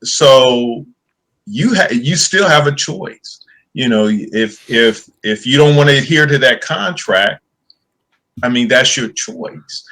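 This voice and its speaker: A man serving as a church elder at a recorded hearing, speaking earnestly and haltingly and often repeating words. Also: mid-range voice, lively intonation, fairly bright tone, poor audio.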